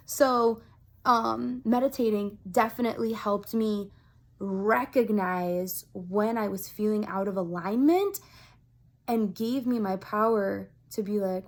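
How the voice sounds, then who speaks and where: A woman talking straight to her viewers in a chatty, upbeat vlog. Her speech is earnest and animated, with plenty of "like" and "um" fillers. Her voice sits at a middle pitch. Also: unhurried. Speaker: vlogger. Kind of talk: casual talk to camera.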